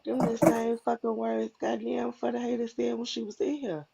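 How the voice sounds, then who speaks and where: A woman's voice: on the high side, flat delivery, moderate pace, gravelly, very noisy. A woman gossiping bluntly and profanely in a casual live chat, over dull lo-fi live stream audio.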